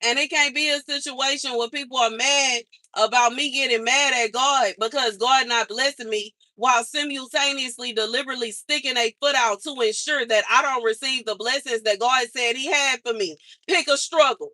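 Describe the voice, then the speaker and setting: A woman's voice: high-pitched, normal speed, hardly any pauses, pushed and bright, no echo. A woman vlogger venting in an exasperated monologue, repeating herself for emphasis. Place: outside her mother's house.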